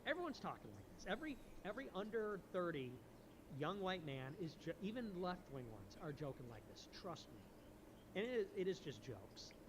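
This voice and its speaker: Male streamer, preachy and emphatic, slightly high voice, noisy clip audio. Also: big pitch swings, normal speed. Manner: emphatic, preachy, repeats "okay?" often. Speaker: political streamer in a played clip. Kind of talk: animated monologue.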